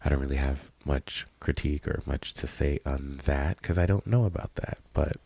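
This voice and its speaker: A man's voice: very deep voice, normal speed, creaky, mellow, husky. A man co-hosting a casual podcast, blunt, profane and opinionated as he chats. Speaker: podcast co-host. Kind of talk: casual chat.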